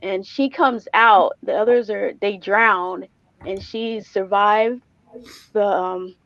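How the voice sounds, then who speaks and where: A woman's voice: mid-range voice, steady tone, slow pace, a bit bright, no echo, highs cut off. A woman co-hosting a podcast, retelling things in a rambling, hesitant way with ums. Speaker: podcast co-host. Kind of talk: casual chat.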